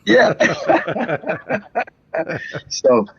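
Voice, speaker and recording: A man tells stories from his acting career in an animated way, jumping into the voices of the people he quotes. His voice sits a bit high. The sound is dull and dry, with no room around it. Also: extremely slow, vocal fry, husky, no room sound. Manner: animated storyteller acting out quotes, laughs often. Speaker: actor, interview guest. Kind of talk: anecdotal storytelling.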